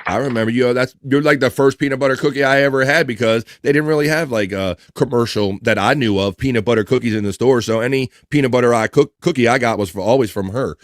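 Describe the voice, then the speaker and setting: A man's voice: medium pitch, fast talker, few pauses, dry recording, studio quality. A man hosting a casual live stream, reading chat and food trivia aloud, joking, laughing and stumbling over words. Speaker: livestream host.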